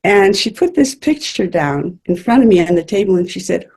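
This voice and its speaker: A woman's voice: fairly low pitch, lively intonation, a little fast, vocal fry, hardly any pauses, a little mellow, slightly rough. A woman who works as a spiritual medium, earnestly telling personal stories in a chatty interview. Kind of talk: interview storytelling.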